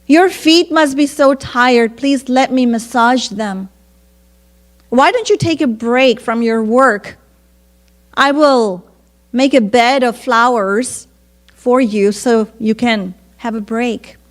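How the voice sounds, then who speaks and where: A woman's voice: on the high side, slow. A woman voicing a simple shepherd man as he prays tenderly and pleads. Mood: tender pleading. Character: humble simple old shepherd man praying.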